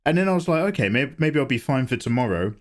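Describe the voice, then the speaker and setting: A young man with a croaky voice, chatting loudly and swearing a lot while he streams himself drawing at home. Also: medium pitch, expressive, fast. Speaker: livestreaming artist. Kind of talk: casual chat while drawing.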